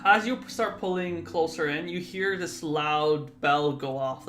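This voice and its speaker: A young man narrating as game master, halting often with fillers and restarts. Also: on the high side, fairly bright tone, faint music behind. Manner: hesitant, many fillers and restarts.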